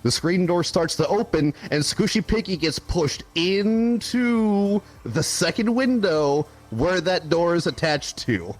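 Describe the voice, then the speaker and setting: Young male podcast host, animated storyteller, laughs and curses, lively pitch. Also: slow, hardly any pauses. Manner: animated, laughing, swears casually. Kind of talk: casual storytelling chat.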